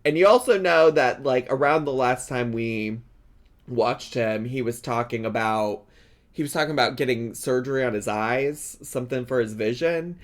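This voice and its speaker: A man's voice: mid-range voice, moderate pace. A man giving casual reaction commentary, giggly, sarcastic and rambling.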